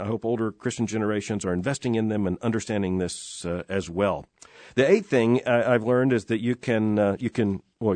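Speaking into a studio microphone, a middle-aged radio host offers reflective talk in an earnest, emphatic manner, dropping in many "uh" fillers. His voice sits lowish and sounds a little mellow, and the recording is dry.

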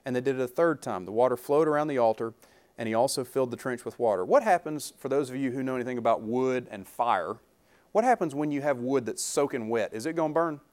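A man's voice: medium pitch, fast, darkish tone. A man preaching a sermon, reading scripture aloud and breaking off into jokes and questions for the congregation. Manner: reads scripture aloud, then riffs with humor and questions to the congregation. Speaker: pastor.

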